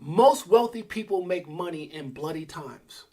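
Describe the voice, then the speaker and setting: Husky, fired-up man preaching on a livestream. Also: a little high, animated, a little slow. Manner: preachy, fired up, shouting out chat viewers by name. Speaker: crypto livestream host. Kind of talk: energetic motivational livestream rant.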